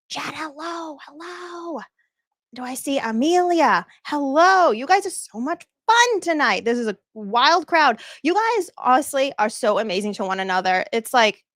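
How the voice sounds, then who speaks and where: A woman's voice: high voice, a bit bright, dry recording, studio quality. A woman with a Boston accent hosting a casual livestream, bubbly and effusive as she thanks viewers and laughs often. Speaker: livestream host. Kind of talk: casual live-stream chat thanking viewers.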